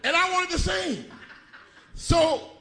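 A man preaching a sermon, telling a folksy story from his youth in an animated, laughing way to his congregation. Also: very high-pitched, slow, creaky. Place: church before a congregation. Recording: live church recording, audible congregation.

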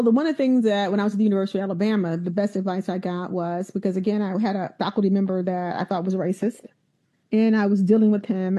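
A woman who is a university president, telling stories in an interview and acting out the voices of the people she quotes. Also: medium pitch. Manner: animated storyteller, acts out quoted voices. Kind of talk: conversational interview storytelling.

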